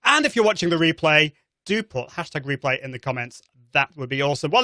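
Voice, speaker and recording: A man's voice: a little high, sing-song, fast talker, sharp tone, no echo, studio quality. A man with an accent from near Manchester, hosting a live show in enthusiastic casual chat and often restarting his sentences. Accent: English, Manchester area. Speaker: podcast host.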